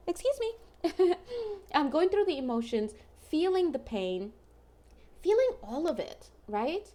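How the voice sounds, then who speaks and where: A woman's voice: very high-pitched, sing-song, slow, dark tone. A woman giving a casual tarot reading to her viewers, chatty and emotional, often checking in with "right?". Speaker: tarot reader.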